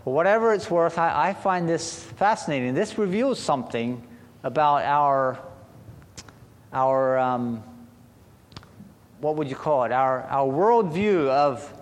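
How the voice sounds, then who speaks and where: A man preaching a sermon to a congregation, talking slowly and deliberately with halting restarts. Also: fairly high pitch. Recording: long hall reverb.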